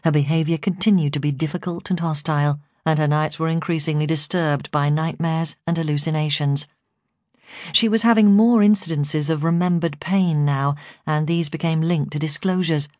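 A woman narrates her own memoir as an audiobook, telling her story at a steady, measured pace. Her voice sits low, and the recording is dry and close, with no room sound. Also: no echo. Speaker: foster carer and memoir narrator.

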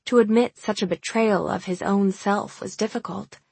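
A woman narrating a first-person novel in a wry, steady way. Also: mid-range voice, normal speed, vocal fry, breathy edge, no room sound. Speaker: audiobook narrator.

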